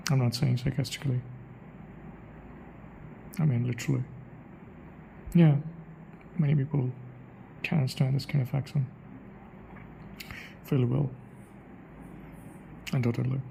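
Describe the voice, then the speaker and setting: A man's voice: mid-range voice, gravelly, mellow, a little hiss or hum, low-quality recording. A young man thinking aloud in a casual monologue, repeating phrases as he tries out a way of speaking. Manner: muses aloud, repeats phrases to try them out. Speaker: accent practice vlogger.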